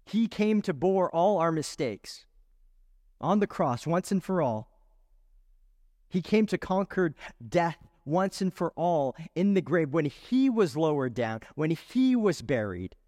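Male pastor, sermon delivery, fairly high and dry up close with long hall reverb behind. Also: big pitch swings, slow, a little mellow. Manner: earnest, rhetorical questions, builds emphasis.

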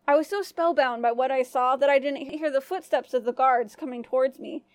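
Fairly quick and high-voiced, a female storyteller recites a folk tale from a first-person script in a clear, even way. The recording has no audible room sound.

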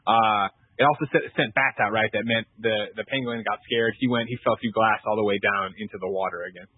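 A man's voice: fairly low pitch, steady tone, husky, no room sound. A man co-hosting a podcast, recapping a film scene by scene in casual, profane chat. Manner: rapid, profane scene-by-scene recap with quick quoted bits. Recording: tinny phone-like sound.

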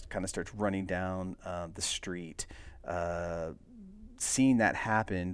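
A man with a very deep voice casually retells a movie's plot, rambling along with plenty of filler words. His voice sounds close and dry, with no room around it. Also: dry recording. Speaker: podcast host.

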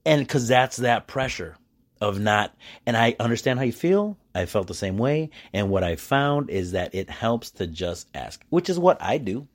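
A man with a medium-pitched voice runs a relaxed solo podcast at night from his quiet house. His delivery is animated and talkative, full of restarts and quick bursts of laughter.

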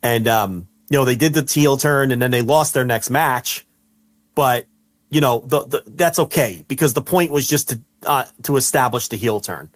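A man co-hosting a casual wrestling podcast, telling stories with animation and shouting out the lines he quotes. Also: medium pitch, normal speed. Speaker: podcast co-host.

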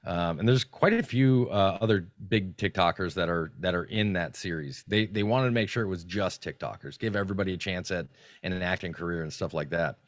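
A man's voice: low-pitched, fairly quick, no echo. Casual podcast guest, male, swears freely, dry mic. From North Carolina. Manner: animated, profane, restarts often. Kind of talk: casual storytelling.

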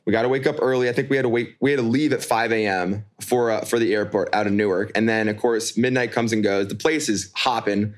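A man's voice: fairly low pitch, fairly even intonation, fast, few pauses. A man co-hosting a casual podcast, telling stories with frequent laughs and restarts. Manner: laughs often, storytelling with restarts. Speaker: podcast co-host. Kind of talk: casual chat. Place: New York.

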